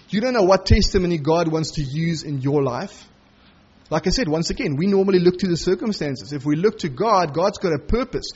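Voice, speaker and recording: Male preacher, husky tone, expository sermon, muffled lo-fi sound. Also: fairly high pitch, darkish tone. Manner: expository preaching, acts out quoted lines.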